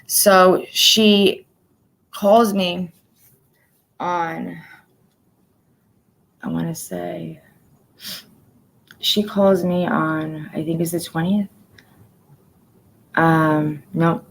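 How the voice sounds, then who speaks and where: A woman in her forties giving a personal livestream update, soft-spoken and halting, often dropping to a near-whisper. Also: lowish voice, fairly even intonation, creaky, a little hiss or hum, rough recording. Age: 40s. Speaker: livestream host.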